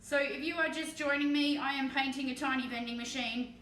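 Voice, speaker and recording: The speaker, a woman from Perth, Western Australia, talks casually in an Australian accent and swears while live-streaming her miniature painting from a room at home. Her high-pitched, fairly bright voice is brisk with fairly even intonation. She sits far from the mic in an echoey room.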